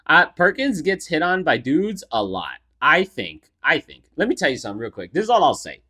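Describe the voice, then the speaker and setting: A man's voice: on the high side, huge pitch swings, a little fast, pushed and bright, breathy edge. A young adult man co-hosting a podcast, telling a story in loose, profane casual chat full of "like" fillers. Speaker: podcast co-host.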